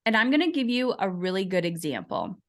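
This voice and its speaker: A woman in her forties speaks as a podcast guest, telling a personal story in a relaxed conversational way. She is animated and slips into the voices of the people she quotes. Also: medium pitch, fairly quick. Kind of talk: conversational interview.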